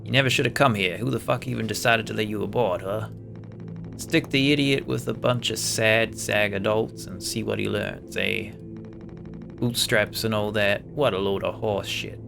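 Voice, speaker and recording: A bitter, sneering shipmate mocks his captain in a drawling, improvised non-American accent, as a man reads the game's lines. The voice sits low and gravelly. Game music plays underneath. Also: moderate pace. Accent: vague non-American accent, improvised. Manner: intense, mocking, drawling. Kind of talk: reading game dialogue aloud in character. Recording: game music playing behind.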